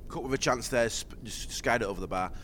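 A middle-aged man co-hosting a football podcast from home, excitable and often cutting in with reactions to the scores. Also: mid-range voice, fast talker, a little hiss or hum. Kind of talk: casual podcast chat. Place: at home with children around.

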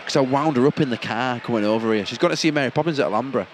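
A young man from Bradford with a Yorkshire accent, telling stories in a casual chat, animated and laughing often. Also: mid-range voice, very fast, noisy background. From Bradford, England.

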